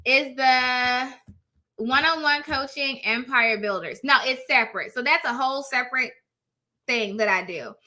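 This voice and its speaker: Blunt, bright-voiced woman coaching in slang. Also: sits high, measured pace. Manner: blunt, emphatic, slangy, repeats phrases for emphasis. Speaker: notary signing agent coach. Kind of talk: casual motivational live chat.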